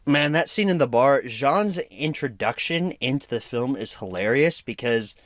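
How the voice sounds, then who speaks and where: A young man giving a casual solo movie review, animated and laughing often. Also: mid-range voice, normal speed, dry recording, clean studio sound.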